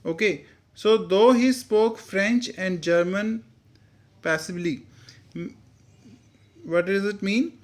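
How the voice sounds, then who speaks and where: A man's voice: sits high, slow, long pauses. Indian English-speaking man explaining a story. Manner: reads a sentence, then re-explains it in simple words with Hindi asides. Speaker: teacher. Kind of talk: explaining a textbook story line by line.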